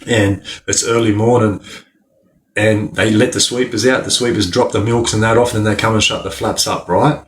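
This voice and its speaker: A man telling a story in casual chat, animated and laughing often, swearing freely and tagging his lines with "right?". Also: on the low side, normal speed. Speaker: podcast guest.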